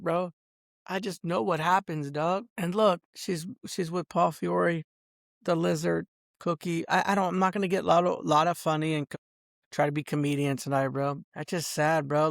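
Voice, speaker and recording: An angry, profane man ranting to camera, peppering every line with "bro" and jumping into shrill high outbursts. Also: vocal fry, fairly bright tone, no room sound, studio quality. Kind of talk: angry personal rant.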